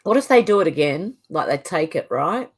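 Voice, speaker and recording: A woman's voice: low voice, big pitch swings, moderate pace, breathy edge. A middle-aged Australian woman hosts her own livestream, reading viewer comments aloud and chatting back casually. Her sentences often trail off and restart. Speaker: livestream host.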